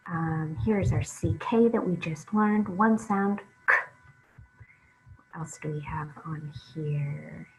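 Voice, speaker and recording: A woman's voice: on the low side, slight background noise, low-quality recording. A woman teaching a phonics lesson to young children, sounding out letters one at a time and praising the listener. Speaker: reading teacher.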